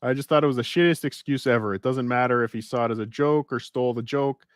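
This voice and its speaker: A man co-hosting a casual podcast, reading a story aloud with wry, deadpan asides. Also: medium pitch, quick pace, clean tone, no echo, clean studio sound. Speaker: podcast co-host.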